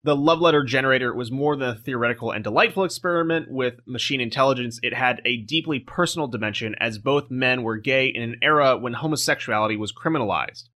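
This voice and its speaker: Bright-voiced man reading a podcast script. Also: mid-range voice, quick pace, hardly any pauses. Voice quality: programmer speaking. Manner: reads a prepared script, breaks off for dry jokes. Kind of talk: scripted narration with asides in a podcast chat.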